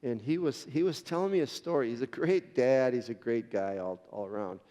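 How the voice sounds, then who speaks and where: A man's voice: medium pitch, brisk, warm tone, in a large hall. A man preaching a sermon as pastor, telling a story in an earnest way with frequent restarts.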